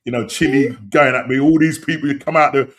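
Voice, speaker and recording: A man hosting a football podcast, talking in animated, slang-heavy banter and laughing often. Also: medium pitch, fairly quick. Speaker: podcast host.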